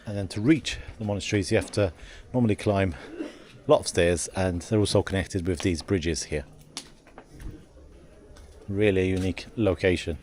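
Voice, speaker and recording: Low-voiced man vlogging. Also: normal speed, long pauses, a little mellow. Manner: chatty, exclamatory, frustrated. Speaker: travel vlogger. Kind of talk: casual vlog to camera. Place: camper van and outdoors at a rock site.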